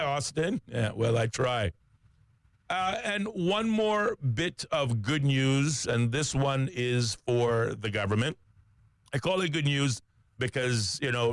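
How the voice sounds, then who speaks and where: Low-voiced radio host, dry studio sound. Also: male voice, no room sound. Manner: conversational, with frequent "uh" fillers and self-corrections. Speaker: radio talk show co-host. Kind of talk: sports and news talk on radio.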